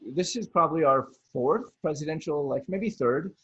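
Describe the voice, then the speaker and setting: Husky-voiced man rambling on a video call. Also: on the high side, a little fast. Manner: rambling, many restarts, animated. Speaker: podcast host. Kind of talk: casual chat over video call. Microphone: video call mic. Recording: dull lo-fi video call audio.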